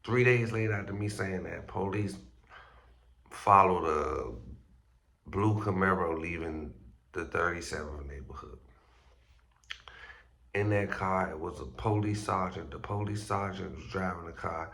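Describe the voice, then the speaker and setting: A man's voice: deep voice, measured pace, vocal fry, pauses often, fairly bright tone. A man hosting a street news vlog, talking in a loose, slangy, profane way with stumbles, groggy as if just woken up. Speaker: street news blogger host. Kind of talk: casual vlog commentary.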